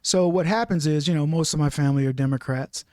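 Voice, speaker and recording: A boisterous man in animated political conversation, telling stories and acting out what people say in different voices. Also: a little high, fast, no room sound, clean studio sound. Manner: boisterous, acts out quotes in changing voices. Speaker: guest, radio host and commentator.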